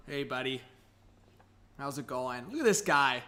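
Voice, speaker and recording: A young man hosting a live hockey reaction stream, chatty and excitable, thanking viewers and coaxing his dog. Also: medium pitch, normal speed. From Canada. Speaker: livestream host.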